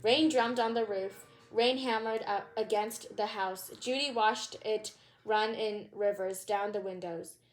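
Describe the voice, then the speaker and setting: With a mid-range voice, fairly even intonation and a slightly slow delivery, a woman hosts her channel and reads a kids' book aloud. She makes chatty asides along the way and stumbles now and then.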